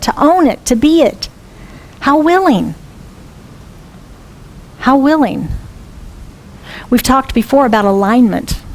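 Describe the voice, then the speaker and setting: A woman's voice: sits high, poor audio. A woman minister giving a sermon, asking earnest questions and repeating them for emphasis. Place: church sanctuary.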